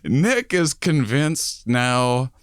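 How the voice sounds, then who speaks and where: A man tells a rambling comic story at an unhurried pace, often breaking into laughter as he goes. His voice sits in a middle pitch and sounds dry and close, with no room echo. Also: big pitch swings, clean tone. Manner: rambling anecdote, laughing through it. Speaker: podcast co-host. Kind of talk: comedic storytelling.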